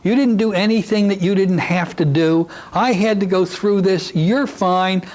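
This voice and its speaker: A tiny, wise child sets a grown-up straight with brisk, gentle reassurance, voiced by a man. The voice sits lifted and bright, firm rather than sweet. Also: high voice, voice pushed up. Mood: gently scolding. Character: small wise child, calm and reassuring, like a pixie.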